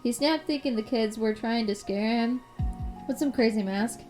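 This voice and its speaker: A woman's voice: on the high side, normal speed, darkish tone, soft background music. A woman streamer casually retelling a scary story, with profane, rambling asides. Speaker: live streamer.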